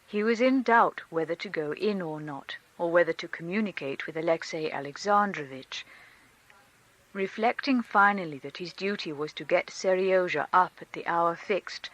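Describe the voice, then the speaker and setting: A woman reading a classic novel aloud in a measured, expressive narration. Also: lowish voice, low-quality recording. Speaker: audiobook reader.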